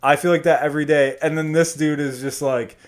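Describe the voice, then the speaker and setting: A man's voice: on the high side, a little fast. A man co-hosting a podcast, telling crude, joking stories in casual chat. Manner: crude, joking, animated storytelling. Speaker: podcast co-host.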